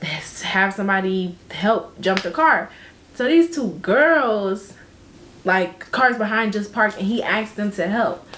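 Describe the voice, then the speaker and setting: A young woman spins a storytime for her viewers, slangy and animated, breaking into laughs and acting out each quote. Her voice sits at an ordinary pitch, with a faint low rumble behind it. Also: reverberant. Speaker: vlogger telling a story. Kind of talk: casual storytime chat.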